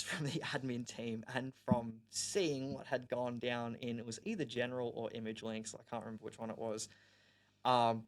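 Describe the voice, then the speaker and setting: Australian male musician guest, chatty, soft trailing delivery, middle-pitched. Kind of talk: casual podcast chat.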